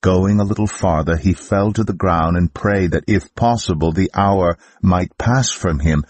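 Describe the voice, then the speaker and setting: Deep, husky man reading scripture. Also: no echo. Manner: steady, measured narration. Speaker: Bible reader.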